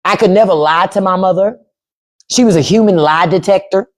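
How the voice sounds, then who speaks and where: A woman's voice: medium pitch, brisk. A woman in her fifties hosting a casual livestream, blunt and profane, laughing as she quotes her elders. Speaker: podcast host on a livestream. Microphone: phone or webcam livestream mic.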